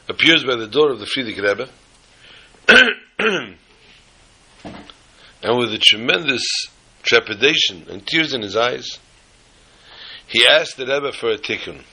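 Man, husky and bright, animated sermon storytelling. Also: mid-range voice, low-quality recording. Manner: animated, dramatic storyteller voicing characters. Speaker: rabbi telling a story.

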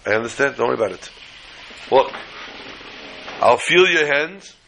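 A man playing an old, blind father who soothes his worried son with calm confidence. The voice is bright and forward, with a soft hiss of noise behind it. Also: medium pitch, normal speed, vocal fry. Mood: reassuring.

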